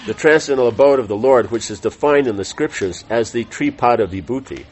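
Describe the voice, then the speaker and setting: A middle-aged man teaching a scripture class, reading a text aloud in a measured, deliberate way with small self-corrections and chatty asides. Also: medium pitch, darkish tone, slight background noise, rough recording.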